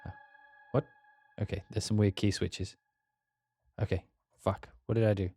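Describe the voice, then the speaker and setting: A man's voice: fairly low pitch, flat delivery, moderate pace, music in the background. A young man chatting casually on a live stream, giggling and swearing as he talks to himself while he works.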